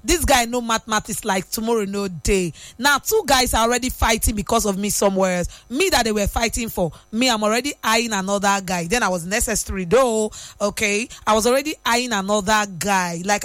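A young Nigerian woman with a fairly high voice chats and teases in a casual host style. She mixes in Pidgin slang and laughs often. The sound is dry and close to the mic. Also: fairly bright tone, no echo. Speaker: radio host. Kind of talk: casual chat.

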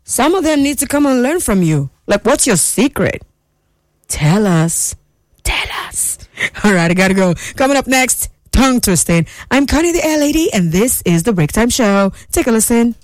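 A woman hosting a radio show, reading listener messages in a playful, animated way and laughing often. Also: medium pitch, moderate pace, dry recording. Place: radio studio.

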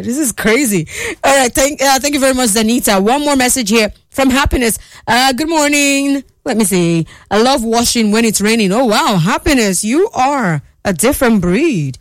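A woman hosting a radio show, reading listener messages in a playful, animated way and laughing often. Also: on the high side, normal speed, no echo. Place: radio studio.

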